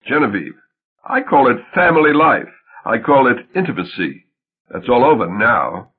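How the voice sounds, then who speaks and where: A scornful young wife who is walking out, her voice husky and climbing high when she mocks, as a male audiobook reader puts her on. The sound is thin and tinny, with a lively swinging pitch. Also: normal speed. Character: sharp young woman, wife leaving her husband.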